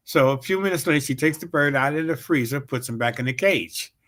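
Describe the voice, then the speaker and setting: A middle-aged man, a comedian and show host, telling a joke and a backstage story in casual, animated talk. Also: mid-range voice, a little fast.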